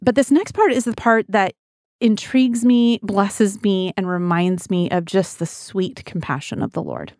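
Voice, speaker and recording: A middle-aged woman teaching from the Bible, earnest and conversational, as if chatting with friends. Her voice sits at an ordinary pitch, and the recording is dry and close, with no room sound. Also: measured pace, darkish tone, dry recording. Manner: earnest, conversational, addresses listeners as guys.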